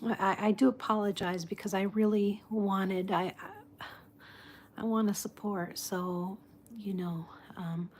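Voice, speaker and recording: A woman hosting a casual live chat with her viewers, soft-spoken and apologetic, greeting people and laughing often. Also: mid-range voice, fairly even intonation, a little slow, a little hiss or hum. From United States. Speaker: livestream host.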